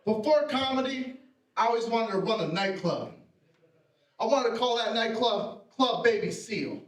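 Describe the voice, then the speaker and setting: Man doing stand-up, high voice, brash, profane, self-mocking, roomy theater sound, heard from a distance. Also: normal speed, a bit bright. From Puerto Rican family. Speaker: stand-up comedian. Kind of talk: live stand-up set. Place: theater stage with live audience.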